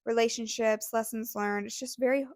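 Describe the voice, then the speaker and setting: A woman's voice: fairly high pitch, steady tone, normal speed, no room sound. Gushing young woman, close dry sound. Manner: gushing, emotional, many fillers. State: near tears. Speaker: podcast co-host. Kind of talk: casual storytelling chat.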